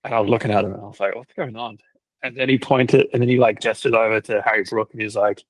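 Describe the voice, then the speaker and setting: A man's voice: lowish voice, steady tone, fast, dry recording, low-quality recording. Young man telling stories, dry sound. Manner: storytelling, lots of "like" fillers, laughs often. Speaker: cricket team videographer. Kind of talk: casual podcast chat.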